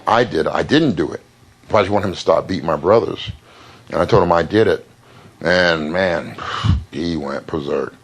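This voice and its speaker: Deep-voiced man, interview guest, plain halting storyteller with fillers.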